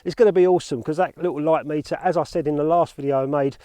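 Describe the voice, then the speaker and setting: A man's voice: a little high, fairly even intonation, fast talker, warm tone, no room sound. A man chatting casually and upbeat to camera as a film photography vlogger.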